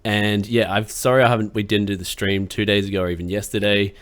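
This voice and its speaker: A man's voice: lowish voice, level tone, fast. A young Australian man hosting a casual tech chat, laid-back and rambling with lots of fillers, recovering from the flu. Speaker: tech channel host.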